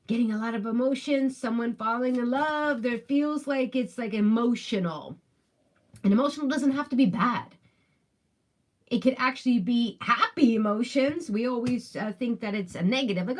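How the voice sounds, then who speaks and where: Chatty woman doing a tarot reading. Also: a little high. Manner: chatty, musing aloud, emphatic repetitions. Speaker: tarot reader.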